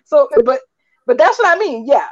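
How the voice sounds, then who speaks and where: A woman co-hosting a soap opera chat show, recapping episodes with animated retellings and acted-out quotes. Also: high-pitched, normal speed. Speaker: soap opera podcast co-host. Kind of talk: casual chat. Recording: dull lo-fi audio.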